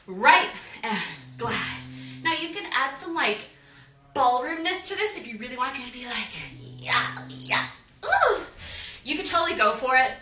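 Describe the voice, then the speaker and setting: Bright, lively American dance teacher counting. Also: female voice, high-pitched. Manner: counts beats aloud and sings steps. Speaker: dance instructor. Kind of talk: live online dance class. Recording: roomy studio, mic at a distance.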